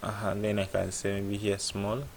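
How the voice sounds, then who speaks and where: A man with a low, gravelly voice talks through a coding lesson as he works on screen. He keeps asking "what?" and then answers it himself. A faint hiss sits under the recording. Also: monotone, brisk. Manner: thinks aloud, asks "what?" and answers himself. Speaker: programming tutor.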